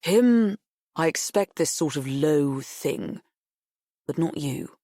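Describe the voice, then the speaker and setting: A woman's voice: low voice, animated, takes it slowly, dark tone, dry recording, studio quality, exaggerated voice. A woman voicing a smug, sneering middle-aged man.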